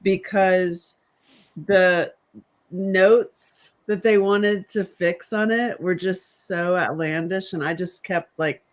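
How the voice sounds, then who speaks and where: A man's voice: sits high, slow pace. A man from the American South tells stories in a casual chat. He brings each story to life by acting out what other people said. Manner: animated storyteller, acts out quotes.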